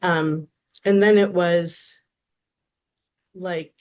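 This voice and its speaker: A woman in her fifties from Wisconsin, a therapist guest telling lively stories and acting out quotes in a casual interview. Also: fairly low pitch, extremely slow. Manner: animated storyteller, acts out quotes.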